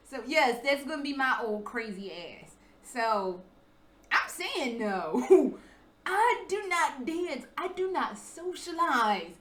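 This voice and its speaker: A high, bright-voiced young American woman rattles through a profane storytime from her apartment, animated and self-mocking, and acts out the people she quotes. Her voice rings in a roomy, echoey space. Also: slow pace. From United States. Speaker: vlogger. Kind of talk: casual storytime chat.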